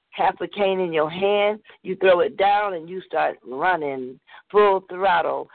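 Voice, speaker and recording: A woman with a fairly low voice hosts a call-in poetry show and reads her poem bluntly and fiercely, in a rhythmic recitation. She comes through a phone call, so the audio is tinny and dry.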